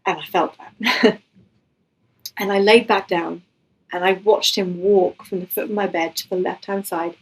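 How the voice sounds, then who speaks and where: A woman's voice: mid-range voice, fairly even intonation, a little slow, husky, low-quality recording. A woman giving a personal faith testimony as a guest, telling her story in an earnest, emotional way and acting out what was said.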